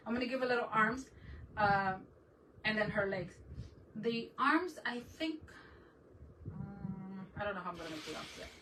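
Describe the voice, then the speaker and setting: A woman's voice: mid-range voice, expressive, normal speed, pauses often, far from the mic, background noise. A woman hosting a live craft stream, chatting casually with viewers and laughing often as she works. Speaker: craft livestream host.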